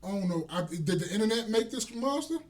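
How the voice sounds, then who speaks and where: Loud, animated high-voiced man, swearing freely. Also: a little fast, distant mic. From Chicago. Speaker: podcast co-host. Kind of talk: casual chat.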